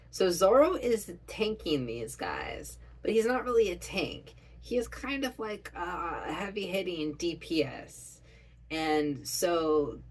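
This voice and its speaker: A woman reacting to an anime episode in casual commentary, gushing like an excitable fan. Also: low voice, breathy edge, low-quality recording.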